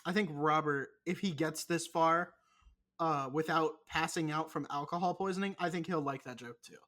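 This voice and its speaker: A young man co-hosts a casual podcast chat, rambling, swearing and frequently mocking himself. His voice is a little high and fairly bright, at a normal speed.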